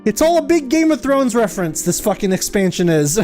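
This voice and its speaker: A man's voice: very high voice, lively intonation, a little slow, a little mellow, faint music behind. A tired man streaming a game, chatting and joking in a laid-back way. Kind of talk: casual commentary.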